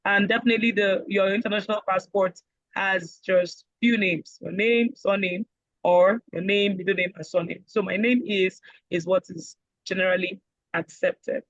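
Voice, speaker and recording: A Nigerian woman teaching a casual online speaking class, lively and joking as she acts out voices. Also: mid-range voice, normal speed, no echo, dull audio. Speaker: IELTS speaking instructor.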